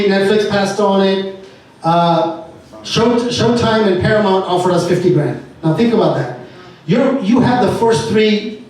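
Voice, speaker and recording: A man speaking at an entrepreneur meet-up, telling a lively story and acting out what people said. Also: high-pitched, a little hiss or hum. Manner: animated storyteller acting out dialogue. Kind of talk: animated storytelling talk. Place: event venue. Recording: echoey room from far off with faint ambience.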